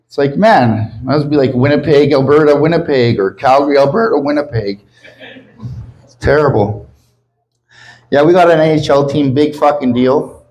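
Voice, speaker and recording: In front of a live comedy club audience, a Canadian man delivers a crude, self-mocking stand-up set, frequently swearing while joking about his city and his sobriety. His voice is a little high and darkish, at a moderate pace, on a low-quality recording.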